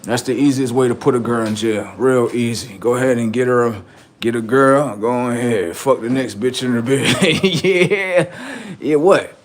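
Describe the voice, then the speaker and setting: A man's voice: medium pitch, unhurried, a little hiss or hum. A man on a livestream, talking in a rambling, profane, boastful monologue, often laughing and acting out quoted voices. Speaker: livestream host.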